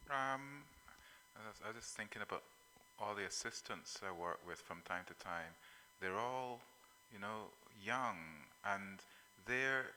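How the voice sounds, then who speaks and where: A man speaks casually on a public panel, halting and repeating words as he goes. His voice is very bright and sharp, and it carries a long hall reverb with a faint hum underneath. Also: lowish voice. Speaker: artist on a panel.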